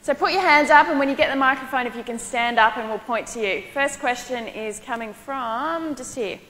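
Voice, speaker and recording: A woman's voice: sits high, normal speed, pushed and bright. A woman hosting an event, opening a question session and pointing out audience members. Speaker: event host. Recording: hall reverb with crowd noise.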